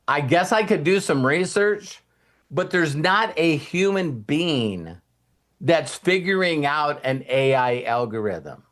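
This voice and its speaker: Male host with a slightly high voice, rambling and animated casual motivational talk. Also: slow pace. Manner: rambling, animated, often acts out quoted people.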